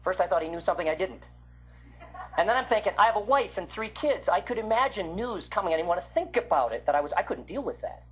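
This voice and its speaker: An older man from the Midwest giving an illustrated Bible lecture, with a husky voice that swings from loud to hushed. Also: high voice, animated, fast talker. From American Midwest. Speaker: Bible teacher. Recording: muffled lo-fi recording.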